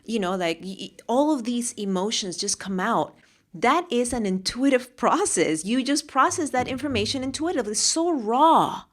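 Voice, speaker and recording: A woman's voice: a little high, lively intonation, normal speed. A woman hosting a solo motivational podcast, talking with passion and often repeating phrases for emphasis. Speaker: podcast host and mentor.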